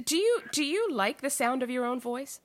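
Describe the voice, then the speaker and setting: A woman's voice: high-pitched, animated, moderate pace. A woman interviewer asking playful, teasing questions in a casual chat.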